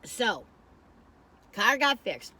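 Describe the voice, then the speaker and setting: A woman's voice: a little high, big pitch swings, drawn-out words, pushed and bright, slightly rough. A woman reviewing food in a casual vlog, chatting while she tastes and telling a rambling story that keeps losing its thread.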